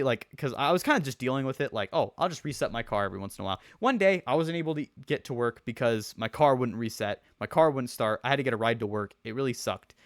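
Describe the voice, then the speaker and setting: A man's voice: mid-range voice, no room sound. Rambling young man, dry close sound. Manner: rambling, restarts, slangy, swears. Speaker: streamer. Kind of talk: casual storytelling rant.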